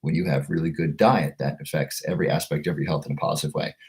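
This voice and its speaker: A man with a low, deep voice hosts a casual livestream. He reads viewer comments aloud and answers them in a loose, chatty way, often stumbling and repeating words as he goes. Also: steady tone, quick pace, a little mellow. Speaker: livestream host selling a supplement.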